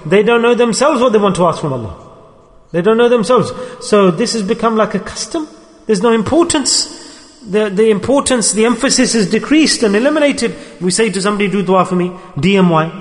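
A man preaching an earnest sermon, circling back to repeat his points and sprinkling in Arabic and Urdu religious words. His voice sits somewhat high for a man. The sound carries a long reverb. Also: expressive, fairly quick. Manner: earnest, repetitive, mixes Arabic and Urdu terms. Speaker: religious teacher.

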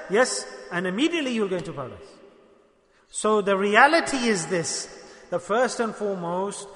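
A man preaching a sermon with emphatic repetition, swinging between loud declarations and hushed lines. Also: high voice, sing-song, moderate pace. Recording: echoey hall with long reverb.

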